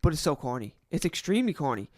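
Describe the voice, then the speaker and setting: A man's voice: a little high, big pitch swings, quick pace, no room sound, studio quality. A young man co-hosting a podcast, talking about movies in a blunt, jokey way and swearing freely. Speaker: podcast co-host. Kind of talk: casual movie chat.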